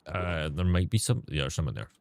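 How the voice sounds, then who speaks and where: Low-voiced Scottish man chatting on stream. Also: animated, fairly quick, creaky, noisy background. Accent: Scottish, softened. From Scotland. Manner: candid and rambling, with frequent restarts and swearing. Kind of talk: casual livestream chat.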